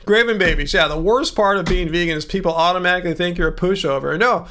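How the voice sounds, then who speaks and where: A man's voice: quick pace, a little hiss or hum. A man from Southern California with a laid-back SoCal accent, hosting a casual livestream and answering chat with a loose, filler-heavy delivery and lots of emphasis. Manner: lively pitch swings, emphasizes words by jumping up. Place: room with musical instruments.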